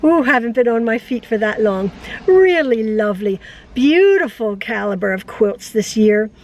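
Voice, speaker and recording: A woman's voice: fairly high pitch, animated, normal speed, darkish tone. An older woman vlogging casually to camera about quilting, chatty and emotional, with frequent laughs, tired after an illness. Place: at home, later in her parked car.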